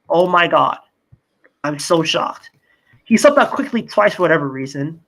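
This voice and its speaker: A man's voice: high voice, expressive, normal speed, a bit bright, low-quality recording. A young adult man co-hosting a casual sports podcast, ranting in exasperation and swearing often. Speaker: podcast co-host.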